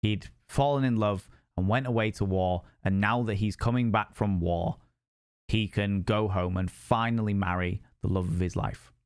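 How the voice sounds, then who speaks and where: A man's voice: on the low side, steady tone, normal speed, smooth, no room sound, clean studio sound. A man telling a ghost story on a live stream, sweary and rambling.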